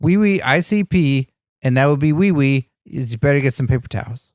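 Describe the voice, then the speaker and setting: A man's voice: medium pitch, lively intonation, brisk, darkish tone, no room sound, clean studio sound. A man co-hosting a comedy podcast with a naive, innocently oblivious manner. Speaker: podcast co-host.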